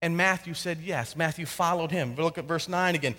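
A male pastor preaching a sermon, swinging between loud emphasis and hushed tones. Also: fairly high pitch, brisk. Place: church sanctuary with a congregation. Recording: long hall reverb.

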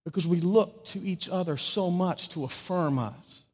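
A pastor delivering a sermon with a notably high voice. He talks conversationally, acting out small scenes and dropping from loud lines to hushed ones. The sound carries a long reverb from a church sanctuary. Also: moderate pace. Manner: conversational, acts out little scenes with wide swings from loud to hushed. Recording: hall reverb.

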